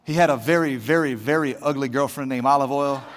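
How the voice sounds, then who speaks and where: A man's voice: medium pitch, brisk, big-room sound, slight background noise. A male pastor preaching a fervent, conversational sermon straight to his congregation.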